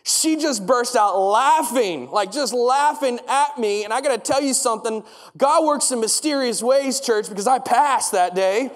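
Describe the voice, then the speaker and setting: A man's voice: very high-pitched, moderate pace. A young man preaching a sermon, telling a story in a conversational way and asking the congregation questions. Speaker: pastor. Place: church. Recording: long church hall reverb.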